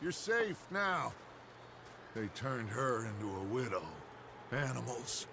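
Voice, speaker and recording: An actor playing a weary, gruff male outlaw cowboy in a video game, with a steady, drawling manner. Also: medium pitch, takes it slowly, background noise, full character voice. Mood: tired.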